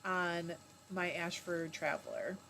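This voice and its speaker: A woman's voice: lowish voice, fairly even intonation, slow pace, a little hiss or hum. Chatty woman host reading comments. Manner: chatty, warm-hearted, laughs often, breaks off mid-word. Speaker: livestream host. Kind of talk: casual chat reading viewer comments aloud.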